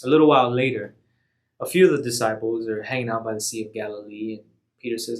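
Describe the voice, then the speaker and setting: Chill guy telling a bible story to kids, casual, slangy, mid-pitched. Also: steady tone, fast. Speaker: youth ministry storyteller.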